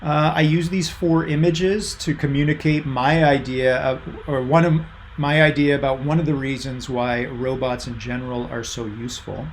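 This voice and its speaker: A man's voice: mid-range voice, fairly even intonation, moderate pace, a little hiss or hum. A middle-aged man giving a university lecture over a video call, in a casual way with many fillers, reading out student answers from the chat. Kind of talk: online lecture.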